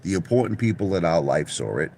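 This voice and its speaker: A middle-aged man with a very low voice rambles blunt, profane stories from the seat of his parked car. He stumbles and restarts his sentences as he talks straight to his viewers. A faint noise sits under the recording. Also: lively intonation, brisk, darkish tone. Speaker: vlogger. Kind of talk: casual rambling monologue.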